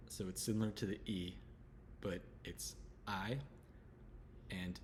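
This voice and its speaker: A man from Houston, teaching letter sounds in a relaxed lesson and slowly repeating each sound. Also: low-pitched, a little hiss or hum. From Houston, Texas. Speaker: English pronunciation teacher. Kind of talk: casual spoken lesson.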